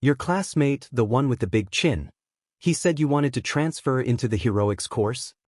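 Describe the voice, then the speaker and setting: A man's voice: mid-range voice, lively intonation, normal speed, a little mellow, no echo, clean studio sound, lightly acted. A man voicing an awkward, blunt teenage boy.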